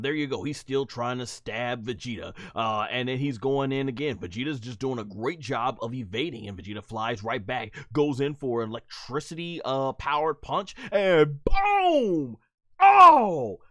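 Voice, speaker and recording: A man giving excited, casual commentary on an anime episode, acting out the characters' lines as he goes. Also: mid-range voice, normal speed, hardly any pauses, dry recording, studio quality. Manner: animated, acts out characters' lines; laughs often, talks to viewers like friends.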